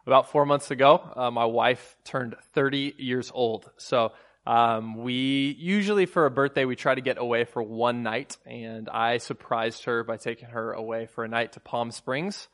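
A man in his thirties preaching, moving from a hushed prayer into a casual, self-deprecating personal story full of fillers and restarts. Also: mid-range voice, fairly even intonation, normal speed. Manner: soft and hushed while praying. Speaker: pastor.

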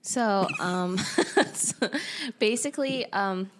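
Woman, podcast co-host, casual and giggly, animated storyteller. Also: medium pitch, drawn-out words, heavy background noise. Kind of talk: casual chat.

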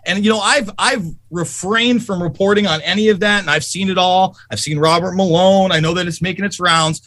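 A man telling stories in a heated, profane political rant, loudly and emphatically angry. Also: high-pitched, no echo. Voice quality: profane, fast and animated.

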